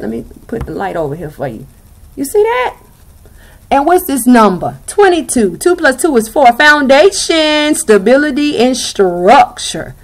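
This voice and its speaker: A woman's voice: high-pitched, sing-song, unhurried. A young woman with a Southern US accent giving a blunt, sassy tarot reading and swearing freely. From Southern United States. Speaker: tarot reader.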